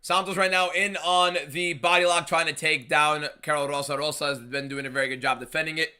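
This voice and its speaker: Young male host of a live fight stream, slightly high voice, rapid-fire, pushes every line hard. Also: steady tone, clear, resonant tone. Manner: emphatic and shouty, reading viewer messages aloud.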